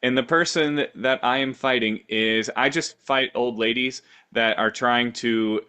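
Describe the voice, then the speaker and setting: Bright, playful rambling man. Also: mid-range voice, fairly even intonation, unhurried, smooth. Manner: playful, rambling storytelling with silly voices. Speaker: podcast co-host. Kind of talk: casual improv chat.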